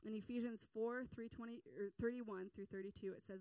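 A woman's voice: a little high, steady tone, brisk, few pauses, warm tone, clear, resonant tone, dry recording, recorded from a distance. A woman giving a sermon, paraphrasing a parable in a casual storytelling way with many fillers.

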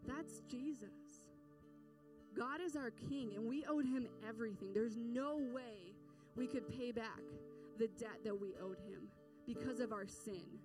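A woman's voice: fairly high pitch, a little slow, recorded from a distance, over music. A woman giving a sermon, paraphrasing a parable in a casual storytelling way with many fillers.

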